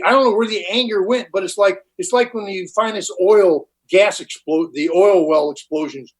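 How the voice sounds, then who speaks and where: A man's voice: sits high, poor audio. An older man giving a personal recovery testimony at a meeting, candid and blunt, with plain slang and frequent restarts. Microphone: online conference talk.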